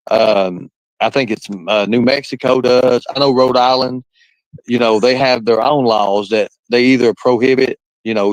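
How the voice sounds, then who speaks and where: A man's voice: medium pitch, no echo, low-quality recording. A man talking casually as a guest on a live stream, rambling and repeating himself as he works through his points. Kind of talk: casual talk.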